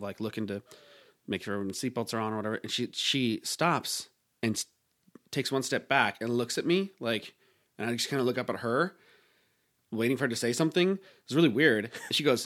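A man's voice: medium pitch, fairly bright tone. A man co-hosting a podcast, telling rambling funny stories in casual chat, full of fillers and laughter. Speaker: podcast co-host.

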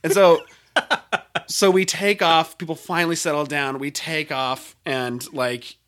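A man's voice: on the high side, measured pace. A man on a podcast telling a travel story in casual chat, acting out the people he quotes. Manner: animated, acts out quotes with big voice jumps. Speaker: podcast co-host.

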